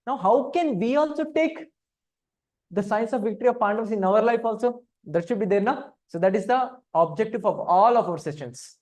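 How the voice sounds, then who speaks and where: A man's voice: high-pitched, animated, brisk, a little mellow. A man leading a scripture study class. He talks interactively, asks his listeners questions and often hums between points. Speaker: spiritual teacher.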